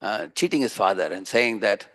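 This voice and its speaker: A man's voice: fairly low pitch, animated, normal speed, fairly bright tone. A man with an Indian accent giving a sermon on scripture. He tells everyday stories, often checks in with a questioning "huh?", and acts out the voices of people in his stories. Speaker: preacher giving a scripture class.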